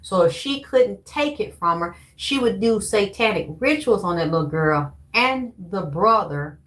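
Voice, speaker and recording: A woman's voice: medium pitch, expressive, measured pace, fairly bright tone. Rambling, profane woman vlogger. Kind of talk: casual monologue.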